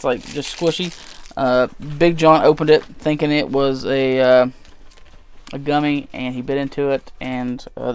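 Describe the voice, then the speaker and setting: A man's voice: a little high, clear, resonant tone. A man casually chatting through his convention haul in a rambling way, with lots of fillers. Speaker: vlogger showing convention haul. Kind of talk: casual chat.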